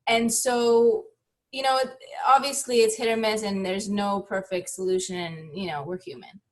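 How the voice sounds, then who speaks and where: Brief: woman therapist guest, reflective and lively, mid-pitched, podcast interview. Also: normal speed. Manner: reflective, animated, laughs often.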